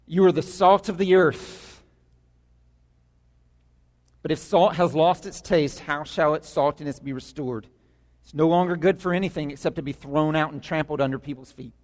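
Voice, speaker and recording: A man's voice: a little high, normal speed, a little mellow. A man preaching a sermon as pastor, emphatic, repeating words for stress, in a church sanctuary. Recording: long hall reverb.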